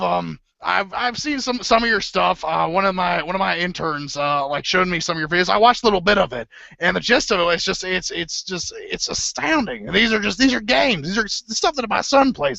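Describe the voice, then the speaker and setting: A man does a full character voice of a blustering middle-aged conspiracy radio host for an improvised comedy impression, ranting in circles, stumbling over words and self-correcting. The voice is gravelly, forceful, a little high, hard and sharp-edged. Audio has no echo but is dull and lo-fi, like a cheap stream.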